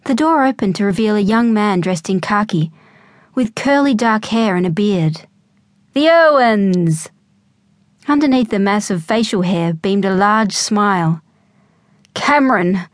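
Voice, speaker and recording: Australian lady reading a kids story, lively, dry close sound. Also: medium pitch, normal speed, no echo. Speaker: audiobook narrator. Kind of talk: scripted narration.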